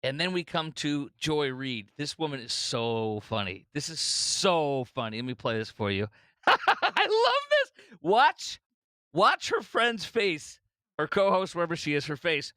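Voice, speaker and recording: A man's voice: a little high, expressive, moderate pace, sharp tone, clear, resonant tone, dry recording. Effusive middle-aged male commentary host. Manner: effusive, emotional, breaks into laughter; restarts and repeats words. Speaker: podcast host. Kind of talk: political commentary monologue.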